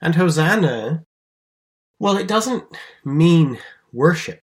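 A man giving an explanatory Bible lesson, telling the story in a lively, conversational way with emphatic stresses and small restarts. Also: a little high, takes it slowly. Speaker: Bible teacher.

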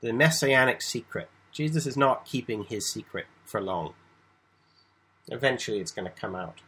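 Male Bible teacher, husky voice, loose conversational lecture. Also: mid-range voice, animated, moderate pace, pushed and bright, rough recording. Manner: conversational, with frequent restarts and asides.

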